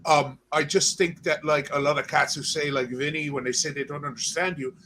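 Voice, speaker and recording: A man's voice: fairly high pitch, fairly even intonation, brisk, bright, forceful tone, slight background noise, low-quality recording. A tired man talking as a guest on a casual livestream chat, laid-back and swearing casually.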